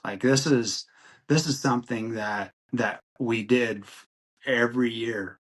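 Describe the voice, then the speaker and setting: An older man hosting a podcast, telling family memories in a halting, reflective way with many fillers and restarts. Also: medium pitch, fairly even intonation. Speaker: podcast host. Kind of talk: rambling personal storytelling.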